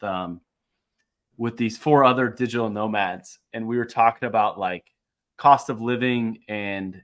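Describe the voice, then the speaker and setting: A man co-hosting a podcast, telling a travel story in casual chat, excitable and swearing freely, his voice jumping up when riled. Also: on the low side. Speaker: podcast co-host.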